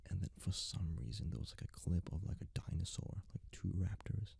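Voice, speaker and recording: A young man rambling in a soft-spoken ASMR style, close to the mic, filling his talk with "like". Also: low voice, fairly even intonation, brisk, creaky, breathy edge, dry recording. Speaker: ASMR creator.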